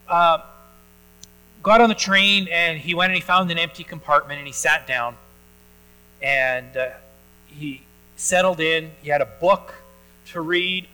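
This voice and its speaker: Male pastor, bright slightly high voice, folksy conversational sermon with plenty of fillers. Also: low-quality recording. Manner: conversational storytelling, with many fillers and restarts. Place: church.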